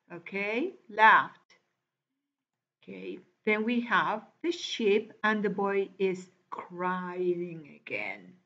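A woman teacher walking her class through a reading lesson, patiently repeating words one by one. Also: mid-range voice. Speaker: English teacher. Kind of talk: recorded online class walkthrough. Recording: dull lo-fi recording.

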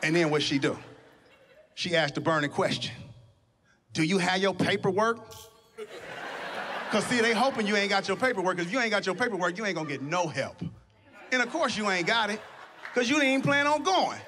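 A male stand-up comedian on a comedy stage, telling stories in an animated, conversational way into a handheld mic. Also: sits high, fast, a little hiss or hum. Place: comedy stage before an audience.

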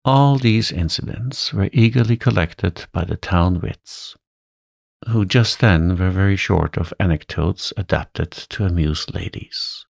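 A man reading a classic story aloud in a calm, soothing bedtime voice. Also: low voice, unhurried, dry recording, studio quality. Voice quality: soft, soothing, gravelly.

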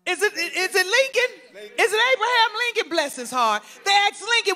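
A man preaching a fervent sermon, shouting out long repeated lists and call-and-response lines. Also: extremely high pitch, very animated, moderate pace.

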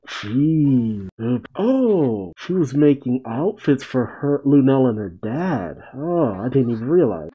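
A man with a mellow, warm-toned voice talks casually through a reaction video. He gives running commentary on a cartoon, full of quick exclamations and gasps. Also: medium pitch. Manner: exclamatory, quick gasps and chuckles between remarks.

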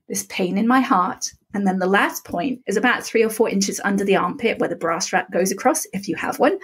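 A woman's voice: mid-range voice, husky. A middle-aged woman, a podcast guest, patiently walking the listener through a tapping technique step by step and speaking the practice phrases aloud. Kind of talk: calm step-by-step instruction.

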